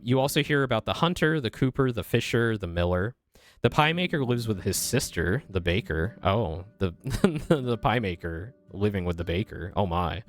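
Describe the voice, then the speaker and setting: A young man streaming, reading a text game aloud and chatting in a playful, casual way. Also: fairly low pitch. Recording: faint guitar music behind.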